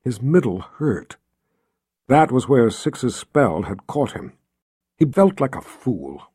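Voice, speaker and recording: A male narrator reads a fantasy novel aloud, with a husky, dark timbre. His delivery is lively and full of pitch movement. It is recorded close and dry. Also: slow pace, dry recording. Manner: expressive storytelling, voicing every character. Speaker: audiobook narrator. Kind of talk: scripted narration.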